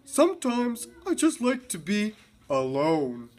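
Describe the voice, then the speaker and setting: A woman's voice: mid-range voice, big pitch swings, slow, darkish tone, a little hiss or hum, pitched above the performer's own voice. Teacher lady doing a tired polite pig guy, sorry-sounding, kinda bouncy. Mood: apologetic. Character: polite, weary male pig.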